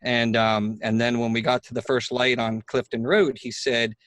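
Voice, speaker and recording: Male host, chatty and animated storyteller, mid-pitched, dry close sound. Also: moderate pace, no room sound. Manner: chatty, animated when telling anecdotes, with many restarts. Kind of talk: casual conversational storytelling.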